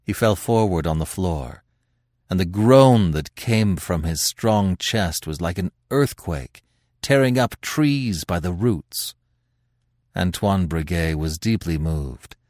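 A man hosting a podcast, narrating a classic tale in a dramatic, expressive reading with swelling emphasis. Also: low-pitched, slow, dry recording, clean studio sound.

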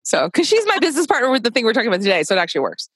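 A woman's voice: on the high side, wildly swooping pitch, very fast, fairly bright tone, breathy edge, no echo. A woman guest in an interview, chatting casually and telling stories animatedly with frequent laughs, speaking from a clothes closet over a video call. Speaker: podcast guest, spa business founder.

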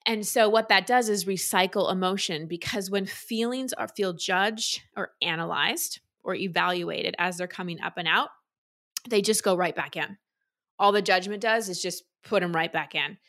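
An emotional wellness teacher, appearing as a guest in an interview, earnestly explains how to release feelings in a conversational answer. She acts out the voices of the people she quotes, and her voice is mid-range and a bit bright.

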